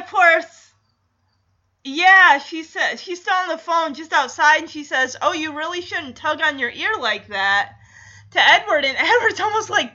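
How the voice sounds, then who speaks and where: A woman's voice: high voice, sharp tone, dull audio. A woman chatting through a casual TV episode recap, laughing often and acting out the characters' lines.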